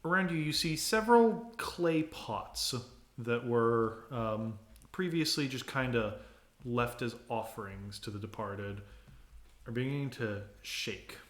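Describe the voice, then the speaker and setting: A man's voice: mid-range voice, lively intonation, slow, fairly bright tone, reverberant. A man narrating as game master of a tabletop game, describing the scene in a loose, easygoing way with some laughter.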